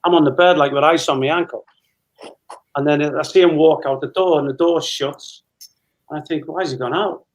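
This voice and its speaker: A man's voice: fairly high pitch, brisk, rough recording. Chatty middle-aged man telling a story. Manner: chatty storyteller, re-enacting dialogue with laughs. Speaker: guest. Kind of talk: casual anecdote telling.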